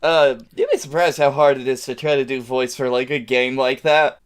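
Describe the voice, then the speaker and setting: A man's voice: medium pitch, expressive, normal speed, clean tone. An easygoing man with a mid-range voice hosts a casual podcast. He swears a little and keeps steering the rambling talk back on course. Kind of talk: casual chat.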